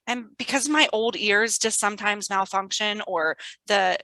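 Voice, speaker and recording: A woman guest teacher chatting in an interview, animated and laughing often as she tells stories. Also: mid-range voice, a little slow, no room sound, poor audio. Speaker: guest art and STEAM teacher. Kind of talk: casual interview chat.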